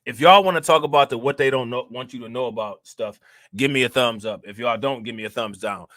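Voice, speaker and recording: A man hosting a relaxed reaction stream, talking in easygoing slang and circling back over his own phrases. His voice is bright and forceful. The sound is dry and close. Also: mid-range voice, no echo. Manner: loose slangy talk, repeats phrases, reads chat shout-outs. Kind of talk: casual livestream chat.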